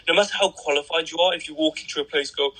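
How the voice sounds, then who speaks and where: A young English man speaking as an interview guest, talking in a blunt, joking and animated way. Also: on the high side, very fast, low-quality recording. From England. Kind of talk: casual interview chat.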